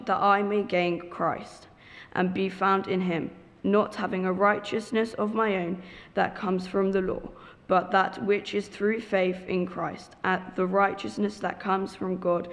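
A woman reading a Bible passage aloud carefully, now and then stumbling on a word. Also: medium pitch. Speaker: scripture reader. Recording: long hall reverb.

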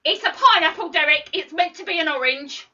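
A woman's voice: very high voice, lively intonation, sharp tone, heavily acted. Woman doing bossy fussy Doris. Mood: bossy scolding. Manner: brisk, bossy, scolding yet doting. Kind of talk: comic church sketch. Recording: muffled lo-fi recording.

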